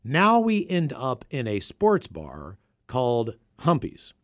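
A man's voice: medium pitch, wildly swooping pitch, slow. A man from the Seattle area, co-hosting a podcast, telling a profane, rambling story in casual chat. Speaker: podcast co-host.

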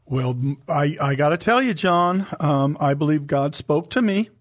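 A man co-hosting a Christian talk show, giving an earnest, emotional personal testimony and slowing down to stress his points. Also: fairly high pitch, expressive. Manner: earnest, emotional, slows for emphasis.

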